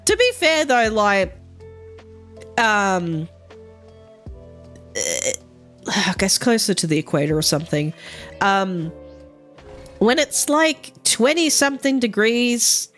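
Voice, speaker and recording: A young woman chatting casually on a livestream, rambling with lots of fillers, frequent laughter and casual swearing. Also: mid-range voice. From Australia. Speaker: streamer.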